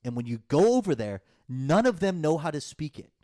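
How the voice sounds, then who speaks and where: A man's voice: on the high side, big pitch swings, a little fast, dark tone. A man, co-hosting a casual podcast chat and ranting heatedly with plenty of swearing. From United States. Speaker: podcast co-host.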